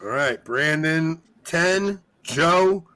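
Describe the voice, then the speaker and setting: A man's voice: a little high, lively intonation, very slow, pushed and bright. A man with a Long Island New York accent, hosting a casual trivia show and laughing easily. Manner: laughing easily, loose and chatty. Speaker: quiz host.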